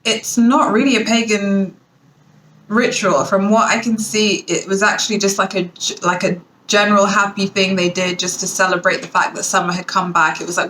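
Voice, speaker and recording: A woman's voice: mid-range voice, steady tone, normal speed, fairly bright tone, slight background noise, low-quality recording. A woman from Britain hosting her own show, chatting on her own in a rambling, wry way with lots of fillers. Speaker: podcast host. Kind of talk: casual solo chat.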